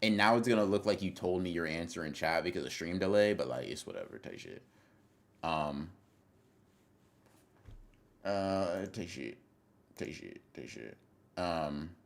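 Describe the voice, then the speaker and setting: A young man livestreaming, chatting casually with his viewers in a rambling, profane way that keeps interrupting itself as he reacts to chat. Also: low voice.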